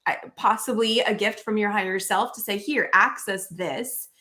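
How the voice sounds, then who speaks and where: A woman's voice: medium pitch, moderate pace, sharp tone. A woman podcast host who talks reflectively and affirmingly, thinking aloud as she speaks. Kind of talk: interview conversation.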